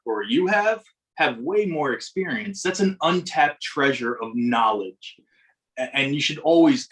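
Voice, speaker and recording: A middle-aged man speaking as a podcast guest. He tells stories from his working life in a reflective, rambling way and often restarts his sentences. His voice sits in an ordinary middle pitch. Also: fairly bright tone, poor audio. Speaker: podcast guest, baseball umpire. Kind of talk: casual storytelling in interview.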